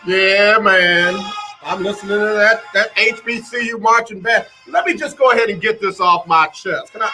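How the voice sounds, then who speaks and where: A man's voice: high voice, moderate pace, pushed and bright, faint music behind. A man hosting a radio show, talking emphatically and dropping into mock quotes of other people. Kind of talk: animated radio talk monologue.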